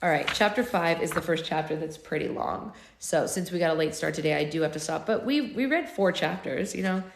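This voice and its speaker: A woman with a hoarse, gravelly voice hosting a book club livestream, reading aloud and chatting in a playful, rambling way. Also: low voice, expressive, brisk, a little hiss or hum. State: hoarse, losing her voice. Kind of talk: reading aloud and casual chat. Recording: roomy echo.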